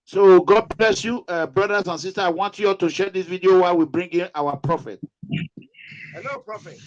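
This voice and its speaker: A man's voice: high-pitched, a little fast, highs cut off. Nigerian man hesitating with many fillers. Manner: hesitant, heavy use of "uh" fillers. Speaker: activist group host. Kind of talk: casual online talk.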